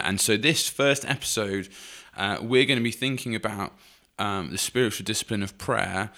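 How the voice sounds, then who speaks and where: A man's voice: fairly low pitch, bright, forceful tone. A man co-hosting a faith podcast, explaining earnestly with frequent fillers. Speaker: podcast co-host.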